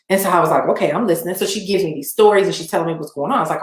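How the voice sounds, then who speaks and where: Energetic woman coach in an echoey room. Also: lowish voice, quick pace. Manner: energetic, emphatic, repeats key phrases. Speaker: business coach. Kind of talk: motivational storytelling talk.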